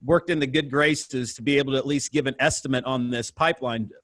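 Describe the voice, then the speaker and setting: A man's voice: mid-range voice, fairly quick, no room sound. A man in his thirties from the American Midwest, a guest on an entrepreneurship interview, telling his story casually and acting out the dialogue. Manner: animated storyteller, acts out dialogue.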